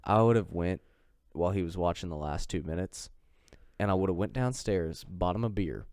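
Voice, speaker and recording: A man's voice: low voice, normal speed, a little mellow, clear, resonant tone, dry recording, clean studio sound. A man hosting a casual podcast, joking crudely and swearing freely. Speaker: podcast host.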